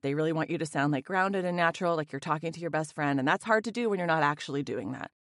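A woman's voice: deep voice, fast talker, dry recording. A woman voice actor chatting in an interview, bubbly and full of fillers, recorded at home on a studio condenser mic. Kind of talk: casual interview chat.

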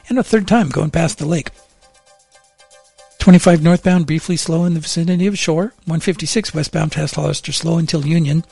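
A man reads the local traffic and weather on morning radio. His voice sits a little high and has a husky, gravelly grain. Delivery is steady and measured, close to a dry studio microphone. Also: no room sound. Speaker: traffic reporter.

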